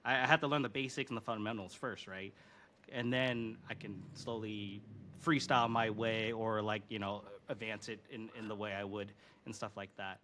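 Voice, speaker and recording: A man's voice: lowish voice, fairly even intonation, normal speed, pushed and bright. A man in his thirties hosting a podcast, chatting casually and rambling with many fillers. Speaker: podcast host. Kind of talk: casual chat.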